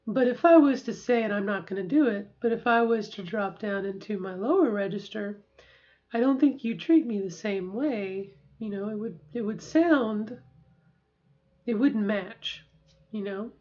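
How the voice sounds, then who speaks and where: A middle-aged woman vlogging casually to camera, reflective and halting, practicing slow, deliberate speech while sore after a treatment. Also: medium pitch, darkish tone, dull audio.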